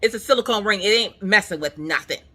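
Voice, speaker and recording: A woman's voice: medium pitch, fast, pushed and bright. A young adult woman in a casual at-home chat, telling a story in a dramatic, comic way and acting out the people in it. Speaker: craft vlogger. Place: at home on a couch.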